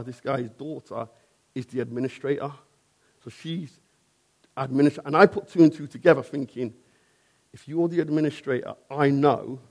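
Man, gravelly husky voice, earnest conversational testimony, checks in with listener. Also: medium pitch. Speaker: painter and decorator telling a personal testimony. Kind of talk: personal testimony storytelling.

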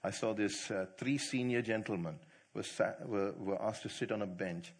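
A man preaching to church leaders, quizzing the audience and telling stories with animated delivery. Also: on the low side, moderate pace, husky. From not from India. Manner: animated, asks the audience questions, laughs easily. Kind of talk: sermon.

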